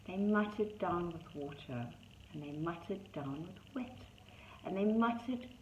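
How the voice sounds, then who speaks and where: A woman's voice: fairly low pitch, animated, measured pace, a little hiss or hum. A woman reading a rhyming picture book aloud to young children, in a sing-song rhythm with chatty asides about the pictures. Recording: dull echoey room.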